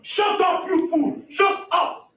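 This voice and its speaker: An actor playing a furious man in a comedy skit, shouting threats over money lost to a relative. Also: steady tone, slow pace, heavily acted. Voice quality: shouting, threatening, high-strung. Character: furious man whose money was gambled away. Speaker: angry uncle in a comedy skit. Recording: echoey room recording.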